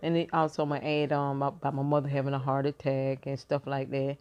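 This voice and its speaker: A woman's voice: extremely low pitch, completely flat delivery, brisk, darkish tone. A woman in her fifties chatting casually to her viewers from bed, rambling and thinking aloud with many fillers and restarts. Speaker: vlogger. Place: in bed at home.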